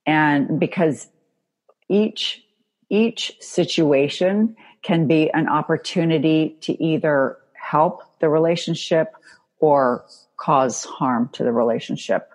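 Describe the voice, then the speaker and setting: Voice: mid-range voice, takes it slowly. A host speaking thoughtfully and affirmingly in a casual call conversation.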